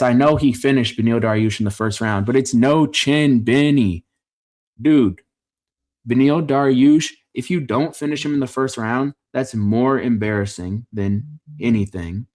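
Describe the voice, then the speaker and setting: A man with a fairly low voice runs through a fight card in casual reaction commentary. He is opinionated and jokey, rambling a little and catching his own slips. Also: darkish tone. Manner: opinionated, joking, rambling with self-corrections. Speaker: MMA fight reaction host.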